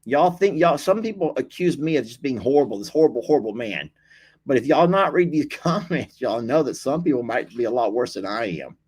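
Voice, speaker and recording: A man's voice: medium pitch, animated, fairly quick, a little mellow, breathy edge. A man hosting a casual livestream, chatting, reading viewer comments aloud, laughing often and teasing. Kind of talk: casual live-stream chat.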